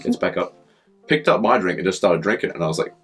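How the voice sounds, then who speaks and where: Low-voiced, fast-talking male guest. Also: expressive, faint music behind. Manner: blunt, swearing, colloquial slang. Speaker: podcast guest. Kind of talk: casual storytelling chat.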